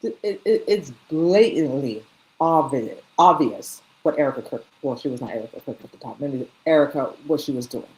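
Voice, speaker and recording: A woman's voice: extremely low pitch, animated, moderate pace, dark tone, low-quality recording. A woman giving reaction commentary, restarting her sentences and stressing words for emphasis.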